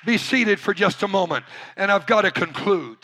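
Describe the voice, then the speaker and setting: A middle-aged male pastor preaching a sermon in a church, leading the congregation in call-and-response and rising to shouts. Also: high-pitched, lively intonation, normal speed, slight background noise.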